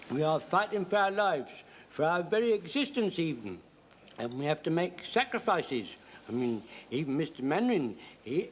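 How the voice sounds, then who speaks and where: An actor playing an excitable older home guard corporal who rambles and trips over his words, in a 1970s sitcom. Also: on the high side, a little hiss or hum.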